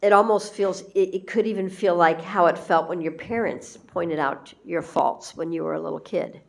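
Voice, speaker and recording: Woman spiritual speaker, lower register, gentle and conversational devotional talk. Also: steady tone, moderate pace, creaky. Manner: gentle, conversational, acts out quoted lines. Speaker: spiritual teacher.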